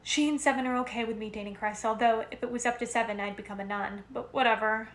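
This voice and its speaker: A woman reading a novel aloud in the first person at home, steady with small self-corrections. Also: fairly high pitch, fast talker. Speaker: reader. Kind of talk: amateur audiobook reading of a novel. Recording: roomy echo with faint noise.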